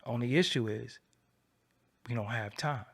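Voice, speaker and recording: A man hosting a livestream, ranting in a profane, animated, preaching way and repeating his phrases, swinging from low mutters to loud outbursts. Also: a little slow, gravelly, slightly rough. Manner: swoops between low mutter and loud high bursts. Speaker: livestream host. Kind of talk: unscripted livestream rant.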